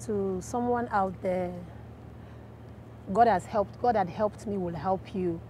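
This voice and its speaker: A woman with a Nigerian accent giving a casual testimony, telling her story in a lively way and acting out the voices of the people in it. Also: mid-range voice, takes it slowly, a little hiss or hum. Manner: animated storyteller, acts out quoted voices.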